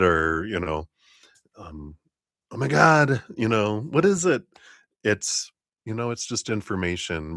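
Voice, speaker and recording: A man giving a live-stream tarot reading, talking in an animated way about energy and gratitude. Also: low voice, dry recording, studio quality. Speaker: tarot reader.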